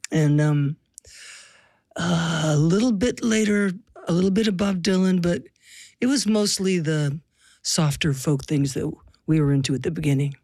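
In an interview conversation, an older woman from the US Pacific Northwest, a musician guest, reflects wryly on her stories and laughs as she goes. Her voice is low-pitched with a darkish tone, recorded at studio quality without echo.

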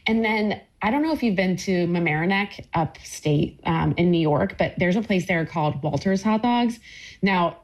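A woman's voice: fairly low pitch, lively intonation, normal speed. A woman talking about her cookbook in a casual interview, enthusiastic and rambling with lots of fillers. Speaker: cookbook author guest.

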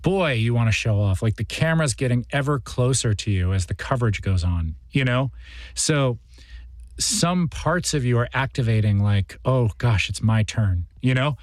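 A male actor speaking in an interview and working through his thoughts with fillers and restarts. His voice is of medium pitch, and the sound is dry and close. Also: expressive, moderate pace, no echo. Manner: reflective, rambling, many fillers and restarts. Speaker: guest actor. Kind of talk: interview conversation.

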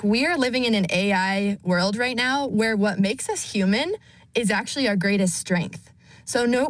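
Woman, radio guest, slow and measured, mid pitch, dry recording. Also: dry recording. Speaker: nonprofit CEO, guest. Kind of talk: radio interview.

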